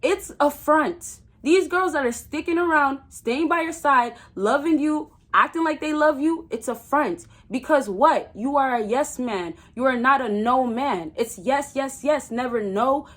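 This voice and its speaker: A young woman with a fairly high voice talks straight to her viewers in a casual advice vlog. She is blunt and emphatic, and she hammers her points home by repeating key phrases. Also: a little slow, hardly any pauses, fairly bright tone. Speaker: dating advice vlogger. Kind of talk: casual advice monologue to camera.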